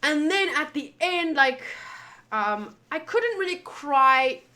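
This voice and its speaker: A woman's voice: high-pitched, animated, slow pace, pushed and bright. A woman streamer talking casually and rambling, swearing freely as she chats to viewers. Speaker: anime reaction streamer. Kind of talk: casual livestream chat.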